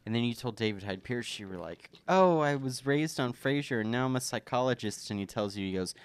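Male co-host, mid pitch, enthusiastic casual chatter, dry recording. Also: animated, a little fast, clear, resonant tone, no echo. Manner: enthusiastic, sweary, restarts sentences. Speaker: podcast co-host. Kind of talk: casual chat.

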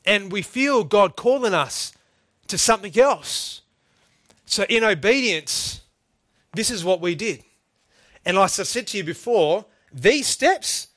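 A man's voice: sits high, a bit bright, no room sound. A middle-aged man preaching a sermon, earnest and emphatic, often calling his listeners "folks".

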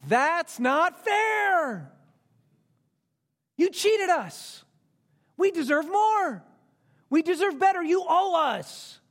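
A preacher doing loud greedy laborers. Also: male voice, extremely high pitch, sing-song, drawn-out words, pauses often, pitched above the performer's own voice, full character voice. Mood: indignant. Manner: loud exclamations. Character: boisterous group of male day laborers, greedy then indignant.

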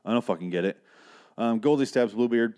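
A man's voice: medium pitch, brisk, darkish tone, smooth. A man in his thirties casually recapping a film, sarcastic and exasperated, swearing freely. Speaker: film reviewer.

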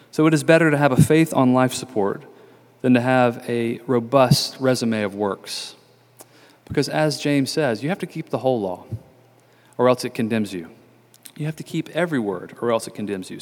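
A man delivers a sermon in an earnest, measured way, leaning on repetition to drive points home. His mid-range voice rings out with a long church reverb behind it. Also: medium pitch. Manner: earnest, measured, repeats key phrases for emphasis. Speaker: preacher. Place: church sanctuary.

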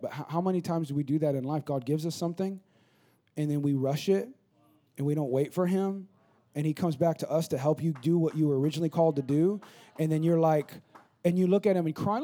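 A male pastor in his thirties preaches a sermon in a church. His voice sits a little high but sounds mellow and warm. He talks casually, then stacks repeated phrases into quick, building runs. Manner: conversational preaching, builds to rapid repetitive crescendos.

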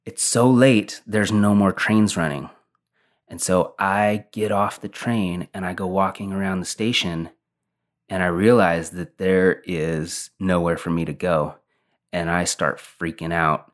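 Young male storyteller, low-ish voice, rambling and laid-back. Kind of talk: casual personal storytelling.

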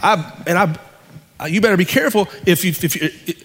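A male pastor preaching a sermon, with dramatic pauses and swings from loud to hushed. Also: sits high, in a large hall.

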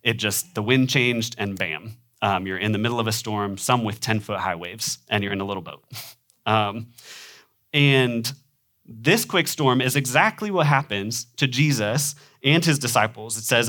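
A man's voice: medium pitch, moderate pace, bright, forceful tone. A young adult man with a nasal Midwestern accent, preaching a sermon in a conversational way with frequent ums and small laughs. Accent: Midwestern American. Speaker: pastor.

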